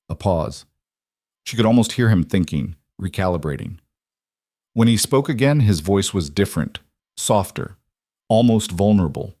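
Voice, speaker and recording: Low-voiced guy narrating a fantasy romance audiobook, steady and measured, dry close sound. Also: dry recording. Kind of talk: scripted narration.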